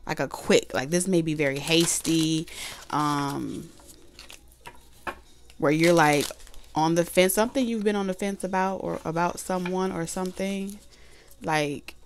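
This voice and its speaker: A tarot reader with a low, steady voice talks unhurriedly through a casual reading. She says she is losing her voice, and her chat is loose, repetitive and full of fillers.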